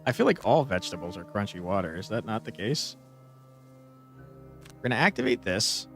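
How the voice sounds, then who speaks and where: A young man with a gravelly, creaky voice talks through his moves in a tactics game, his pitch jumping around as he jokes, swears and fakes outrage. Faint game music plays underneath his commentary. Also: sing-song, normal speed, fairly bright tone. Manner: playful, swears freely, mock outrage. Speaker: gaming streamer. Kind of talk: casual gameplay commentary.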